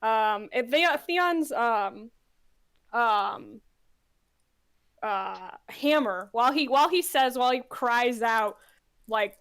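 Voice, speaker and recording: A woman plays a tabletop game, describing her character's moves with flustered apologies. Her voice sits high and sounds close and dry. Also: animated, slow pace, fairly bright tone, no echo. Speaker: player. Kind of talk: casual tabletop game play.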